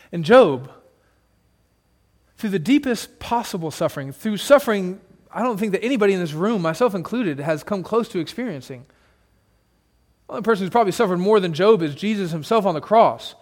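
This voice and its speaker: A male pastor preaching a sermon to his church, shifting dramatically between loud emphasis and hushed, soft passages. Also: sits high, expressive, normal speed, long pauses, big-room sound. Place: church sanctuary with congregation.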